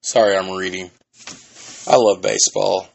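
A man's voice: sits low, fairly even intonation, moderate pace, creaky. A man in his thirties hosting a solo podcast, rambling loosely and swearing now and then. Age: 30s. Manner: rambling, loose and profane, with frequent restarts. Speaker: podcast host.

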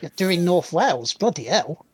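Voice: medium pitch, big pitch swings, moderate pace, husky, no room sound. A co-host of a live-streamed podcast, teasing the other host and laughing often in casual banter.

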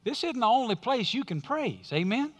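A male pastor preaching a sermon with emphatic delivery and dramatic pauses. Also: extremely high pitch, big pitch swings. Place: church sanctuary. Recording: long reverb of a large hall.

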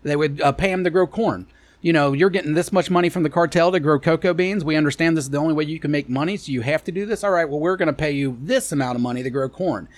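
A man's voice: fairly high pitch, quick pace, no room sound. A man co-hosting a podcast, telling crude rambling stories with lots of profanity. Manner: rambling, profane, animated storytelling. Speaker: podcast co-host. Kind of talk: crude comedic banter.

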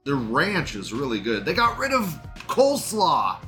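Sarcastic, lively-voiced male commentator. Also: a little high, measured pace, soft background music. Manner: sarcastic, profane, laughs often. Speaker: live show host. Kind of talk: casual commentary monologue.

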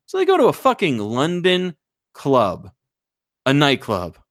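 A podcast co-host tells wild stories in a loose, casual chat, swearing freely and hitting words with sudden emphasis. His voice is mid-pitched at an ordinary pace, and the recording is dry, with no echo or room sound.

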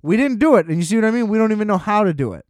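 A man's voice: high-pitched, lively intonation, very fast, darkish tone, no room sound, studio quality. A young man hosting a podcast, talking in a laid-back, rambling way with joking, self-mocking asides. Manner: laid-back, lackadaisical delivery. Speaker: podcast host. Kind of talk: casual comedic rant.

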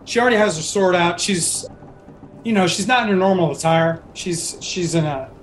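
High-voiced game master narrating. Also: male voice, normal speed, slight background noise.

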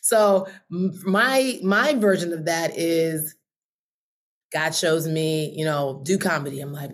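A woman telling a personal story as an interview guest, animated, laughing often and acting out her past thoughts in quick voices. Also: medium pitch.

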